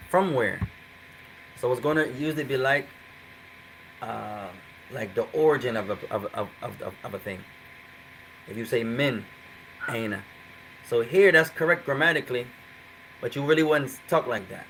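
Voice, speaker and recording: A man's voice: mid-range voice, moderate pace, long pauses, a bit bright, slight background noise, rough recording. Man coaxing students through an Arabic lesson. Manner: coaxing students, mixing Arabic phrases into English explanations. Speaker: Arabic teacher. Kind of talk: live online class.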